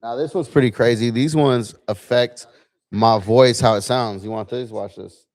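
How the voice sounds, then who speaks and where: A man's voice: medium pitch, normal speed, darkish tone, no echo. A man hosting a casual livestream from a bar lounge, chatty and laid-back, testing his gear as he talks. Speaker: livestream host.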